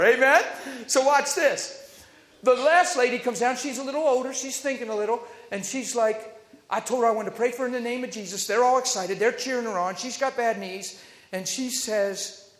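A man's voice: extremely high pitch, brisk, a little hiss or hum. A man preaching, telling a story with laughter and acted-out voices, in a church hall. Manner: animated, laughing, acting out voices. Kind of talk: sermon storytelling.

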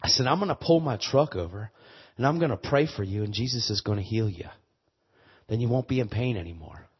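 A man preaching a sermon with a personal testimony, stumbling and repeating words, then building to loud emphatic preaching. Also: fairly low pitch, expressive, brisk, breathy edge, in a large hall. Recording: muffled lo-fi sermon recording.

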